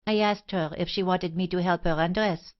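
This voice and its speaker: A woman voicing a timid young maid who answers in soft, steady, trance-like tones. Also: lowish voice, moderate pace, voice pushed up, natural voice. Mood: nervous. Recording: dull lo-fi audiobook recording.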